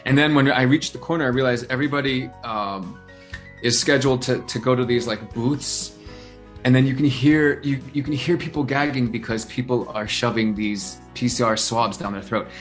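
Animated male storyteller, lots of "uh". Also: medium pitch, normal speed, soft background music. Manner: animated storyteller, many fillers and restarts. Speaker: interview guest, singer-songwriter. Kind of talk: casual phone-style chat.

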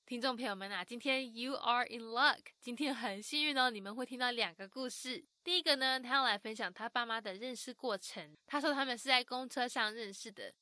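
A woman narrates in a bright, high, ringing voice. She tells the story with lively, scripted energy and drops in English words now and then. The sound is close and dry. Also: a little fast, few pauses, no echo. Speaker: host and narrator.

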